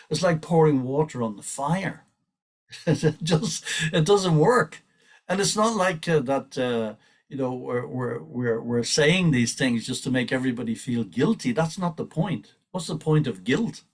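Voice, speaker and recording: A man leading a devotional scripture class, speaking earnestly and urgently, often restarting his sentences and laughing softly. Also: fairly high pitch, measured pace, recorded from a distance. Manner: earnest, urging, with frequent restarts and small laughs. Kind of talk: reflective scripture class talk.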